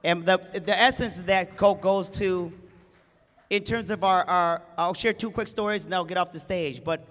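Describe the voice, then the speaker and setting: A man's voice: sits high, fairly even intonation, normal speed, a bit bright. Emotional man telling a story on stage. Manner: emotional, acts out quoted voices. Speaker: conference speaker. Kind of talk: heartfelt speech with storytelling. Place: conference hall stage. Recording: large hall reverb.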